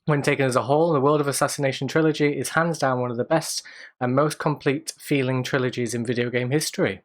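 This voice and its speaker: A man's voice: mid-range voice, steady tone, fast. A man hosting a casual news roundup podcast, chatty and reading quotes aloud with asides. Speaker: podcast host.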